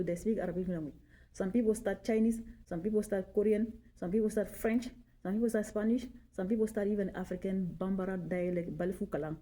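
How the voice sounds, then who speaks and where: Speaking casually and personally to the camera, a Malian woman in her forties uses a medium-pitched voice with a dark tone. She often asks "okay?" and repeats things to drive her points home.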